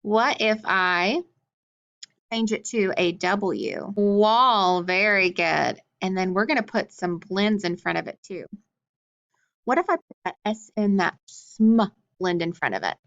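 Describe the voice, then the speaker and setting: A woman teaching a phonics lesson to young children, sounding out words clearly and praising answers. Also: medium pitch, sing-song, unhurried, a bit bright, muffled recording.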